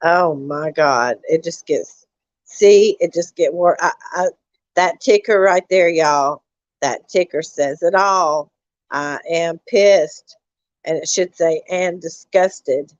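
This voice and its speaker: A woman's voice: sits low, slow, dry recording. Angry, profane woman ranting to her stream. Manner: angry, profane, repeats herself, addresses chat as y'all. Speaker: live streamer. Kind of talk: casual ranting live stream. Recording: dull lo-fi dry sound.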